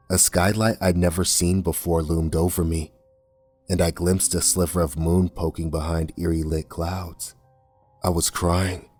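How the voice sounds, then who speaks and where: A man reading a first-person horror story in a tense, measured way. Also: sits low, slightly rough. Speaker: narrator. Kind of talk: scripted horror narration. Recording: soft music bed under voice.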